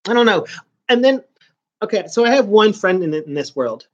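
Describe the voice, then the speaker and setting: Here a high, animated male voice moves at a normal speed. He's a New Yorker in his forties, casually rambling to his live-stream viewers in fits and starts, captured in dull, lo-fi stream audio.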